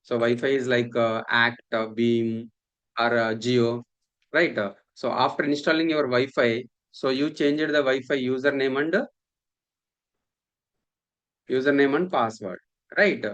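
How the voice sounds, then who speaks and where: A man's voice: medium pitch, steady tone, unhurried, long pauses, fairly bright tone, lo-fi sound. A man, lecturing a class, repeating points and often asking the students if they follow. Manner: repetitive, checks understanding often. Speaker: instructor.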